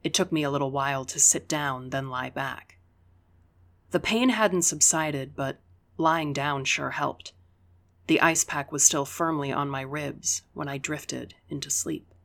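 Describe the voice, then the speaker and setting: An audiobook narrator reads a first-person story steadily, at an even and unhurried pace. The voice sits in the middle range and has a gravelly texture.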